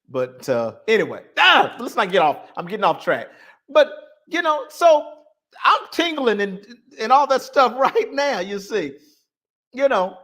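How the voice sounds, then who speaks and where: A man hosting a casual livestream, talking to his chat in an animated, repetitive way. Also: sits high. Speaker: livestream host.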